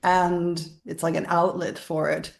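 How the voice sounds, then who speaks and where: Low, gravelly woman telling a story. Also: little pitch movement, measured pace. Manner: rambling, laughs often while telling stories. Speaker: interview guest. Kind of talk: conversational storytelling.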